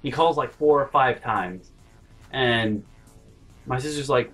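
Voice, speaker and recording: A man's voice: medium pitch, takes it slowly, long pauses, fairly bright tone, slightly rough, soft background music, rough recording. A man hosting a storytime vlog, rambling and interrupting himself, dropping to mutters. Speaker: vlog host.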